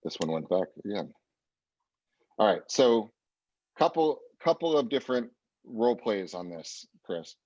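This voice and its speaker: A man's voice: lowish voice, big pitch swings, unhurried, pauses often, a little mellow, highs cut off. A man leading a sales training session for real estate agents, talking emphatically and motivationally. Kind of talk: coaching talk.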